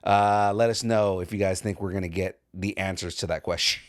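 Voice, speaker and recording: Man, very deep voice, podcast co-host, casual chat, halting with fillers. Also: steady tone. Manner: hesitant, many fillers and restarts.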